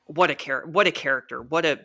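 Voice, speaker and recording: A man from the Philadelphia area talks as a guest in a casual podcast chat. His voice is bright and fairly high, and he sounds eager and animated as he talks about a film he loves. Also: fairly quick. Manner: eager, animated movie talk.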